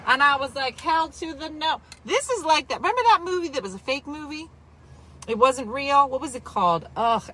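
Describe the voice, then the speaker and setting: A woman from New Jersey telling a story in casual chat, animated and exaggerated, with quick asides. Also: sits high, slight background noise.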